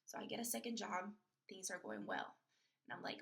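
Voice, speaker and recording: A young woman hosting a podcast, telling a personal story in an animated way and acting out the voices of others in it. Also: medium pitch, a little fast, gravelly. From Florida. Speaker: podcast host.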